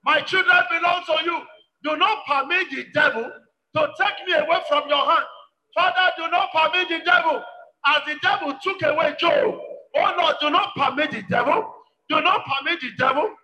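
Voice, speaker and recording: A man's voice: very high voice, normal speed. A man, a pastor leading a congregation in fervent prayer, calling out repeated commands. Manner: shouted, repetitive commanding prayer. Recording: echoey hall with long reverb.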